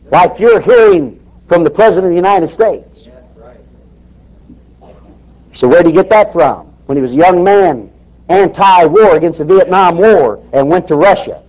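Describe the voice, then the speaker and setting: A man's voice: sits high, a little mellow. A man preaching a fiery sermon in an emphatic, folksy way, firing rhetorical questions at the congregation. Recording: dull lo-fi recording.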